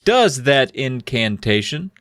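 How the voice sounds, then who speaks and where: A man's voice: medium pitch, big pitch swings, slow pace, fairly bright tone, no echo. A man on a comedy podcast retells a spooky children's book, loose and profane, full of fillers. His voice rises and falls a great deal. The sound is dry and close. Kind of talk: casual comedic storytelling and reading.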